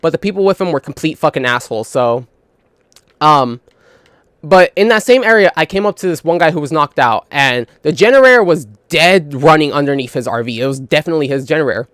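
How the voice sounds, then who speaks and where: A man's voice: fairly high pitch, animated, brisk, a bit bright, dry recording, clean studio sound. A young man telling work stories in a casual, profane, rambling monologue full of fillers and retold dialogue. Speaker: gaming channel host.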